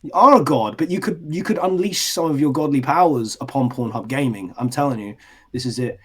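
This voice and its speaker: A British man co-hosting a podcast, talking in crude, animated banter, swearing constantly and laughing often. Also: medium pitch, brisk, husky. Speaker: podcast co-host.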